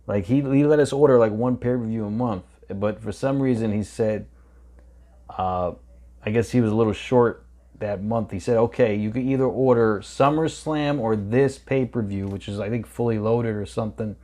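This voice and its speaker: A man's voice: lowish voice, normal speed. A man hosting a watch-along, chatting casually and answering viewer questions in a rambling way with fillers. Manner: relaxed, rambling with fillers and restarts. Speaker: reaction channel host.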